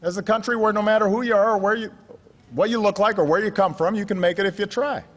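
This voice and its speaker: A man's voice: high voice, steady tone, quick pace. A man giving a political speech in an emphatic, rousing style, recorded in a large event hall. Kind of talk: rally speech. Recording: long hall reverb with crowd noise.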